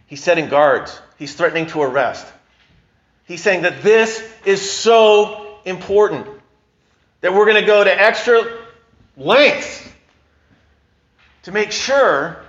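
A man's voice: a little high, a bit bright, dull audio. A male pastor giving a sermon in a conversational, emphatic way, often restarting his sentences.

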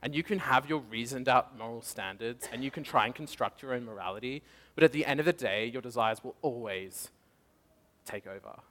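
A young man giving a lively testimony sermon, acting out quotes and laughing as he tells his story. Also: medium pitch. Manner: animated storytelling, acts out quotes, laughs often. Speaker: preacher. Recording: echoey hall.

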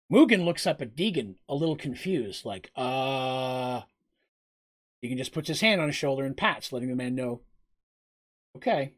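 A man's voice: medium pitch, fairly bright tone. A man narrating a tabletop game as game master, casual and rambling with fillers.

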